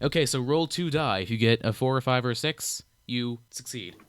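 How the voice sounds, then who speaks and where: A young man narrating and explaining rules as game master of a tabletop game, relaxed and playful. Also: medium pitch, moderate pace, no room sound.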